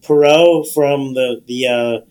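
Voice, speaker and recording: A man's voice: medium pitch, steady tone, takes it slowly, a little mellow. A man in a casual chat, speaking hesitantly with many fillers. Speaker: podcast co-host.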